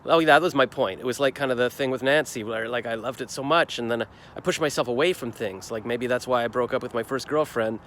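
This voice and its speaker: Man, 40s, vlogger, rambling reflective day recap, mid-pitched, faint street noise outside. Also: fast, few pauses, a bit bright. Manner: rambling, reflective, with many fillers and restarts. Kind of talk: casual daily vlog recap.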